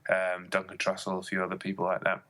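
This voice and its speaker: Man, podcast co-host, casual chat, rambling, many fillers, low pitch. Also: completely flat delivery, fast, bright, forceful tone.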